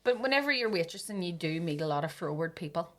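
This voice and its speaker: A young woman chatting casually on a podcast as a lively storyteller who swears freely. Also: fairly low pitch, fast talker.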